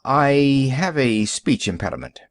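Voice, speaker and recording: A man's voice: medium pitch, big pitch swings, unhurried, no echo, clean studio sound. A man reading an audiobook, voicing a careful, hesitant male stranger in a small town. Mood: guarded.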